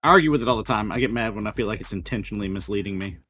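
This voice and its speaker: A man chimes in beside the host of a live trading stream with quick, wry remarks. He speaks fast and sits a little away from the microphone. Faint music runs underneath his voice. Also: lowish voice, a bit bright. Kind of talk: casual livestream chat.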